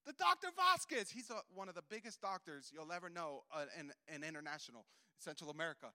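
High, bright-voiced man preaching with fervor. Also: fast. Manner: animated storytelling, swings between loud bursts and soft asides; acts out dialogue in quoted voices. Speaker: missionary preacher. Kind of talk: sermon testimony.

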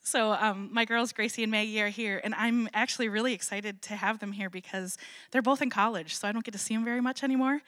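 A woman's voice: a little high, fairly even intonation, fairly quick, a bit bright, no echo, clean studio sound. Chatty middle-aged woman, laughing testimony. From Wisconsin, USA. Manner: chatty and self-deprecating, laughs often between phrases. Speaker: ministry founder, guest speaker. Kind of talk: personal testimony at a church event.

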